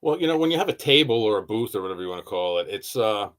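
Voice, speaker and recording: A man's voice: on the low side, lively intonation, very fast, fairly bright tone. A man telling stories in casual podcast chat, swearing freely and acting out what people said. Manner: swears freely, tells stories with quoted asides. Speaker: knife maker guest.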